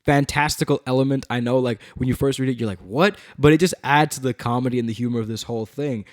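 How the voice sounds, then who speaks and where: Animated man reading and teaching scripture. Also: mid-range voice, fast, dry recording, studio quality. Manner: animated, emphatic reading with asides. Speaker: bible teacher.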